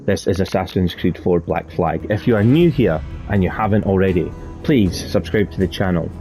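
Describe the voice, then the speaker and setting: A man's voice: sits low, normal speed, dark tone, faint music behind. A man hosting a let's play channel, talking over his gameplay in a chatty, rambling way that often corrects itself. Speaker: gaming channel host.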